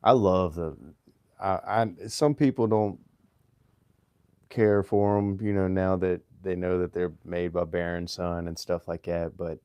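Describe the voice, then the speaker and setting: A man from Virginia with a light Southern accent, chatting casually with viewers on his livestream in a relaxed, halting way, often restarting and clearing his throat. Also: sits low, no room sound. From Virginia, USA. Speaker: livestream host.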